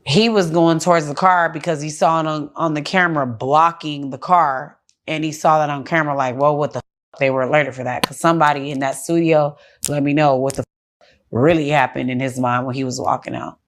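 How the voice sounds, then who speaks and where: A woman's voice: sits low, fairly even intonation, a little fast. A woman guest in a casual interview on a studio couch, speaking bluntly, heatedly and with lots of cursing.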